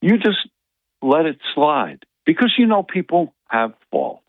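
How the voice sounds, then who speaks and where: A man's voice: on the high side, huge pitch swings, unhurried, no echo. A man calling in to a radio talk show, chatting and teasing the host in a casual way. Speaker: caller. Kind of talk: casual chat. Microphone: telephone. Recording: dry tinny phone line.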